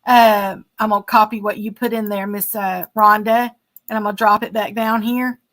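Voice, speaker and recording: A woman, a bit hoarse, hosting a casual livestream and chatting along with many fillers as she thanks viewers. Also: medium pitch, little pitch movement, moderate pace, a bit bright. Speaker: livestream host.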